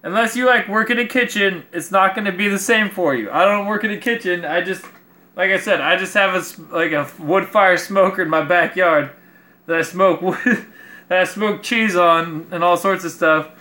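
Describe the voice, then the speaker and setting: A man's voice: high-pitched, moderate pace, sharp tone. A man vlogging as he builds a craft project, rambling casually and swearing freely as he mocks himself. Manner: rambling, profane, self-mocking.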